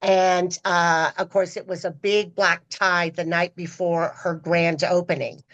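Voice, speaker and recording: A middle-aged woman, a podcast guest, telling stories in a casual, animated way and acting out the people she quotes. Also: unhurried, highs cut off. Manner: animated, acts out quoted voices with pitch jumps. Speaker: podcast guest, former personal assistant. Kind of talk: casual storytelling.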